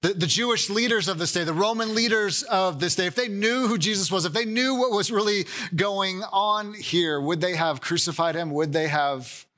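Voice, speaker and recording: Male pastor, slightly high and bright voice, chatty sermon delivery. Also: normal speed, few pauses. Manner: conversational preaching, voices quoted people with rising pitch.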